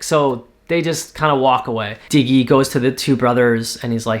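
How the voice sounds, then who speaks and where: A man from Canada casually pitching a TV series, talking in a rambling way with lots of fillers. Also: moderate pace, few pauses, a bit bright. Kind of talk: casual spoken story pitch.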